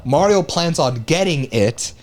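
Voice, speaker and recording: A man's voice: on the high side, lively intonation, a little slow. A man hosting a podcast, reading out entertainment news in a laid-back, joking way and swearing casually.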